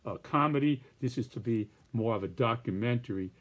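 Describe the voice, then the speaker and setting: A man's voice: mid-range voice, brisk. A man presenting his political cartoons in casual, rambling commentary with many restarts and hedges.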